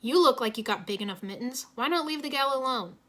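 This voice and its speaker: A woman's voice: high voice, animated, fast, fairly bright tone. A woman voicing a brash, hotheaded young male ninja who taunts his foes.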